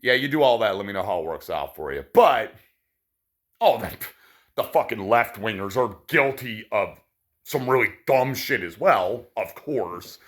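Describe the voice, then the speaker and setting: A man's voice: fairly low pitch, expressive, a little slow, fairly bright tone. A man delivering a profane, sarcastic ranting monologue to his viewers. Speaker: vlogger.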